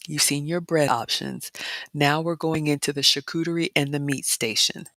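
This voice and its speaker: A woman's voice: low-pitched, moderate pace, dry recording. Chatty woman vlogger, dry close sound. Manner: chatty, addresses viewers as y'all, reads comments aloud; drops to soft whispers in excitement. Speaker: vlog host. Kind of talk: casual live-stream walkthrough.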